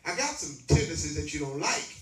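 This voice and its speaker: A man's voice: a little high, very animated, brisk, fairly bright tone. A man pastor, preaching a conversational sermon that rises to emphatic peaks. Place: church sanctuary. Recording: echoey room from far off.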